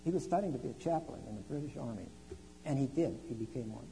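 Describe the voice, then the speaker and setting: A man preaching a sermon, telling a travel story with lively swings between quiet asides and loud exclamations. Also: medium pitch, fast talker, gravelly, noisy background. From United States.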